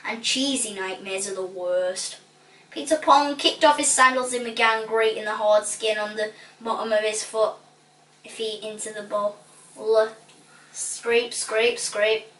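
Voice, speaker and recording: A woman reading a children's book aloud in a lively, playful way, recorded with a roomy echo from a distance. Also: fairly high pitch, a little slow. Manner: lively, playful, relishing funny words. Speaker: storybook reader.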